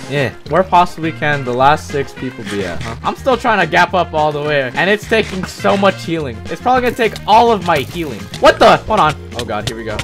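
A young man in excited gameplay commentary, swinging between quiet muttering and sudden yelps and laughs. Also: a little high, brisk, few pauses. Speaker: gaming YouTuber. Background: game music.

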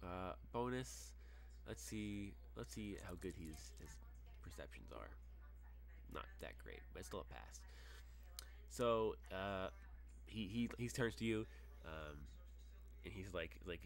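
Young man, low voice, game master narrating a tabletop fight, loose and halting with fillers. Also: animated, vocal fry.

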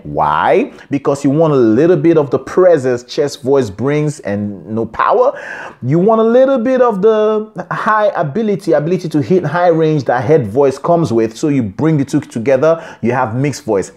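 A man's voice: on the high side, big pitch swings, moderate pace, a little mellow. A man teaching a singing lesson, explaining in short phrases and singing examples. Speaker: singing coach. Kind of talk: vocal lesson with sung examples.

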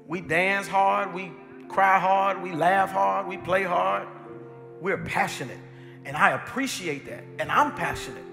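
A middle-aged man preaching a sermon as pastor, repeating phrases and swinging between hushed and loud delivery. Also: high voice, vocal fry, long reverb tail.

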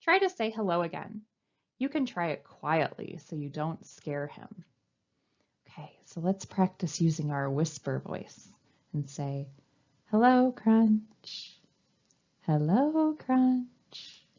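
A woman librarian reading a picture book aloud to young children, with an animated, coaxing sing-song delivery. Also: low-pitched, unhurried, highs cut off. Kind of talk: storytime read-aloud.

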